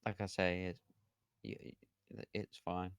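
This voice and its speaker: A man with a very deep, smooth, resonant voice talks hesitantly, stammering and restarting his sentences. The sound is dry and close. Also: little pitch movement, measured pace, no room sound. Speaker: player.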